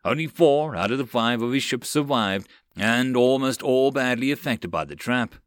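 A man's voice: mid-range voice, expressive, normal speed, no echo, clean studio sound. A man narrating an audiobook of a web novel with dramatic storytelling.

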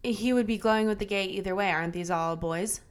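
A woman's voice: mid-range voice, a little fast. Chatty young woman full of "like". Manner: chatty, heavy use of "like". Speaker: podcast co-host. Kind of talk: casual chat.

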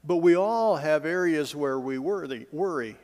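A male pastor giving a sermon in a conversational way with light humor, swinging between emphatic lines and hushed, soft ones. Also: on the high side, a little slow. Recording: long reverb, as in a hall.

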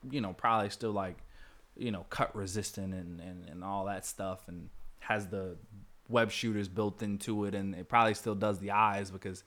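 A man's voice: on the low side, fairly even intonation, normal speed, fairly bright tone. A man hosting a podcast, casually retelling a movie scene by scene with lots of fillers and quoted lines. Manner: rambling, filler-heavy retelling with acted quotes. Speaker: podcast host.

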